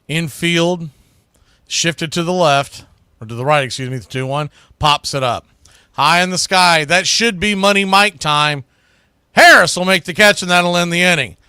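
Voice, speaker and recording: Bright-voiced male baseball announcer. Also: a little high, moderate pace, clean tone, dry recording, studio quality. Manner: corrects himself mid-sentence. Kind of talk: live play-by-play commentary.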